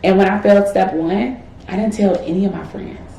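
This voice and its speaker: A woman's voice: mid-range voice, fairly quick, gravelly, dark tone, a little hiss or hum. A woman in her twenties, a medical student, talking candidly and reflectively in a personal vlog, encouraging herself with casual fillers. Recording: echoey room with faint ambience.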